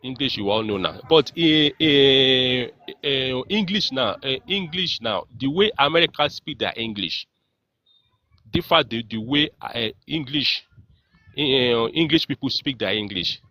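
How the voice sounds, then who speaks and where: A man's voice: medium pitch, animated, unhurried, sharp tone. A man with a Nigerian Yoruba accent, speaking as a guest in an online group discussion, earnest and full of fillers and repeats.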